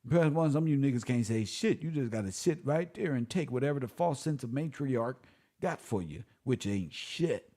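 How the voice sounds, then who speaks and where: A man speaking who delivers a preachy, swearing monologue to his viewers, swinging between loud and soft. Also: medium pitch, expressive, moderate pace. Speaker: online commentator.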